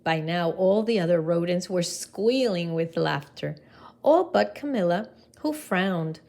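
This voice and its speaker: A woman reading a picture book aloud to children in an expressive way, pausing to ask her listeners questions. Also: on the low side, creaky. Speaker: storybook reader.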